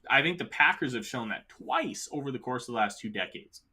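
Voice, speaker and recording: Bright-voiced opinionated sports podcast host. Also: male voice, mid-range voice, animated, fairly quick, husky. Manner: opinionated, emphatic. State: has the hiccups. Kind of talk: casual sports talk.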